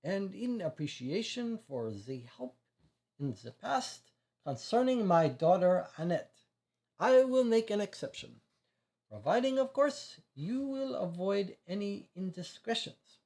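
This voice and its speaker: Brief: man putting on a genteel, stiffly formal French official, raised pitch, gravelly edge, accent keeps sliding. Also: big pitch swings, a little slow, warm tone, exaggerated voice. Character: polite middle-aged male French diplomat.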